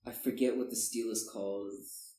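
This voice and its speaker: A man's voice: on the low side, fairly even intonation, moderate pace, dark tone, far from the mic. A young man co-hosting a podcast, telling stories in casual chat with lots of fillers, swearing and laughter. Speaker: podcast co-host. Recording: echoey room.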